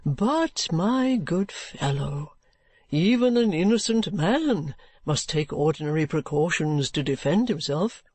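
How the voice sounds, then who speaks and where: A reader voicing a kindly, excitable older gentleman who speaks slowly and earnestly. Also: medium pitch, no room sound. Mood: urging.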